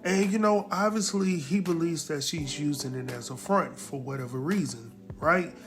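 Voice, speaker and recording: A man recapping a TV episode in a casual, animated way, exclaiming and chuckling as he talks straight to his viewers. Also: on the high side, normal speed, over music.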